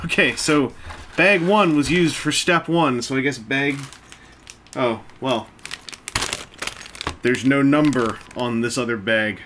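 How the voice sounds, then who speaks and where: A man's voice: medium pitch, bright, forceful tone, a little hiss or hum. Rambling, jokey man building bricks. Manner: rambling, self-mocking, jokey asides. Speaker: toy-building video host. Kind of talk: casual chat while building a brick set. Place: indoors at a table.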